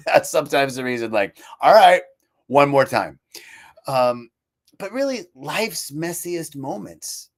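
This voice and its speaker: A man hosting an inspirational live talk, telling stories in an animated way and laughing easily. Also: medium pitch. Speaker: host.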